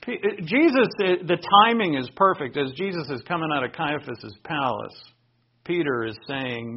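A man's voice: a little high, lively intonation, normal speed, vocal fry, slightly rough, muffled recording. A man preaching a sermon, retelling scripture in an earnest, conversational way with personal asides.

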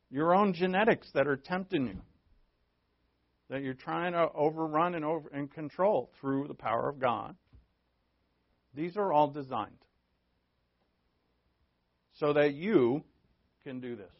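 Conversational male pastor, fairly high voice. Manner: conversational, joking with the congregation. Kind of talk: sermon. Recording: dull lo-fi recording.

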